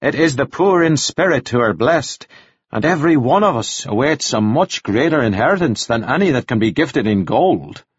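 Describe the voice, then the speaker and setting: A man's voice: mid-range voice, expressive, moderate pace, slightly rough, no room sound, lo-fi sound. A man playing a stern, formal clergyman. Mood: gentle. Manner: formal, reproving speech.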